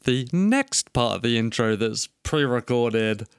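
A man's voice: medium pitch, animated, unhurried, clear, resonant tone, no echo. Joking male podcast co-host, dry sound. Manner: jokey, swears, laughs often. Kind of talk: casual podcast chat.

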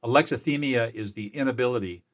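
A man who works as a mediator, explaining in an interview in an energetic, emphatic way, often restarting and repeating words. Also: medium pitch, fast. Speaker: mediator and peacemaker.

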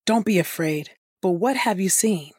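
A woman's voice: medium pitch, lively intonation, moderate pace, darkish tone, husky, dry recording, clean studio sound. A woman reading the lines of a frightened, desperate king, in a plain scripture-reading voice. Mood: troubled.

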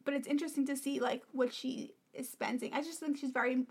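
A woman's voice: high-pitched, steady tone, fast talker, gravelly, husky. A young woman co-hosting a podcast in casual, opinionated chat, sometimes dropping to a whisper. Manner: chatty, opinionated, often drops to a whisper. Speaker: podcast co-host.

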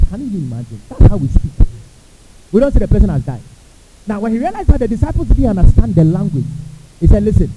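A man's voice: high voice, breathy edge. A man preaching a sermon as pastor, acting out quotes and asking the congregation questions. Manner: animated preaching, acts out quotes, asks the crowd questions. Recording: tinny phone-like sound with faint hiss.

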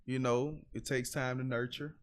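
A man's voice: mid-range voice, little pitch movement, moderate pace, clear, resonant tone. A man, a podcast guest telling a long, candid story in casual chat, rambling and swearing with many fillers.

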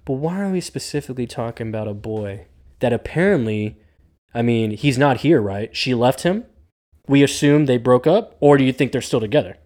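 A man's voice: medium pitch, expressive, normal speed, a little mellow. A man co-hosting a casual recap chat, playfully acting out characters' lines. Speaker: podcast co-host.

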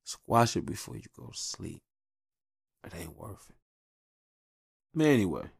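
A man's voice: lowish voice, unhurried, vocal fry, breathy edge, dry recording, studio quality. Blunt, profane man ranting casually. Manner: profane, blunt, animated storytelling. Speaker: podcast host. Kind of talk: casual monologue, advice rant.

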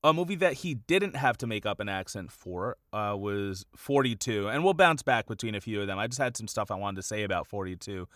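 A man's voice: fairly low pitch, expressive, fairly quick, hardly any pauses, fairly bright tone, no echo. Rambling male podcast co-host, dry sound. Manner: rambling, heavy use of "like" and "you know". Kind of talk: casual podcast chat.

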